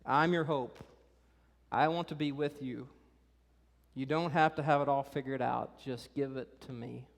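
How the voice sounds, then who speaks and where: A preacher speaking as a gentle savior, low in volume and reassuring in tone. The slightly raised voice rings out in a reverberant church hall. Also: male voice, fairly even intonation, normal speed, natural voice. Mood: tender. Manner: soft, tender, reassuring.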